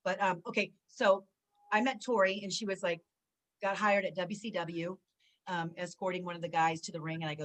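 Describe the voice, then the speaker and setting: A woman's voice: fairly low pitch, a little fast, rough recording. A woman in her forties from Southern California, a former wrestler, chatting as an interview guest and acting out what people said. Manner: animated storyteller, acts out quoted dialogue with many fillers. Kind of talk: casual interview chat.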